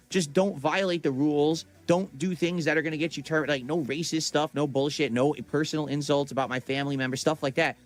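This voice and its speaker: Male streamer, higher-pitched, exasperated and foul-mouthed, talking straight to chat. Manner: profane, defensive, exasperated. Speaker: livestreamer. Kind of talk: casual livestream rant to chat.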